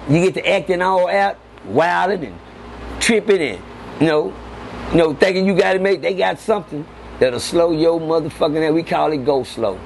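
Animated profane man telling stories, noisy. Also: fairly high pitch, moderate pace, vocal fry. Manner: animated, profane storytelling with repeated words. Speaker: interview guest. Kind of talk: casual storytelling. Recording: noisy background.

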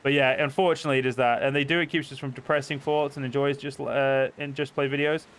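A man streaming a game, chatting casually and swearing often, with sudden loud outbursts. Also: medium pitch, fairly even intonation, quick pace. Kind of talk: casual gameplay commentary. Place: home, seated at a desk.

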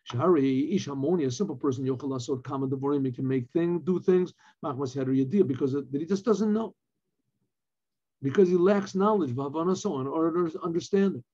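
A man, a rabbi, teaching a Torah lesson, reading Hebrew phrases and explaining them in English with animated emphasis. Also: a little high, a little fast, highs cut off.

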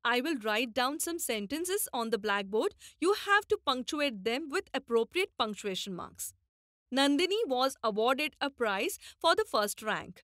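A woman from India speaking, teaching a scripted classroom lesson with clear, deliberate explanations to children. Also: high voice, very animated, a bit bright, no echo, studio quality.

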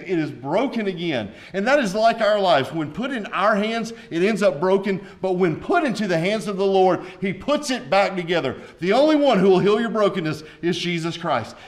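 A man, a pastor preaching a sermon with folksy asides and rising intensity. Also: high voice.

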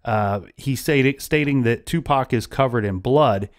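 A man's voice: mid-range voice, measured pace. A man hosting a casual true-crime podcast, retelling events at length with frequent restarts. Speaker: podcast host.

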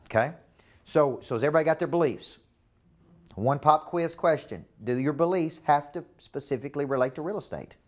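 A man's voice: fairly high pitch, fairly quick. A man with a Southern US accent teaching a live coaching seminar, emphatic and repetitive, often checking that the room follows him. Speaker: business coach.

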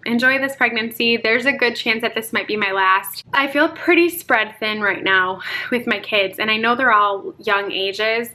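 A woman's voice: medium pitch, sharp tone. A young adult woman chatting casually to camera as a mom vlogger, often laughing and talking to viewers as "you guys".

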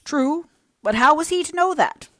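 A woman's voice: deep voice, expressive, normal speed, no echo. A woman voicing a kindly elderly male family friend in an audiobook, speaking in a soothing, earnestly reassuring way. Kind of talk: audiobook character reading.

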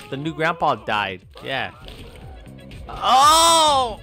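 A man's voice: medium pitch, lively intonation, normal speed, pushed and bright, faint music behind. A young man joking his way through gameplay commentary, rambling a silly story and yelping when things go wrong.

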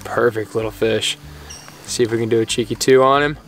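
Male angler-vlogger, excitable and exclamatory, outdoors by a creek. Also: medium pitch, brisk, soft background music. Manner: excitable, exclaiming, laughing often. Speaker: fly fishing vlogger. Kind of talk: excited outdoor vlog commentary.

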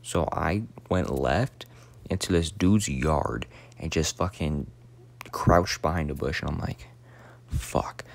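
A man's voice: a bass voice, unhurried, creaky. A young man in his late teens telling a rambling, profane story in a casual, slangy way, sometimes dropping to a whisper.

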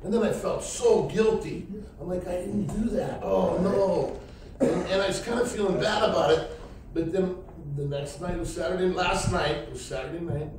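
Middle-aged man, church testimony, rambling storyteller, voice sits a bit high, recorded far off in a reverberant hall with light hiss. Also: moderate pace, darkish tone. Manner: rambling storyteller who acts out quoted speech. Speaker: church member giving testimony. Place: church during a night service.

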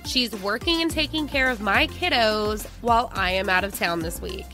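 A podcast co-host with a mid-range, sharp-toned voice reads listener messages and chats casually over faint music. She giggles easily, gets emotional, and laughs readily.

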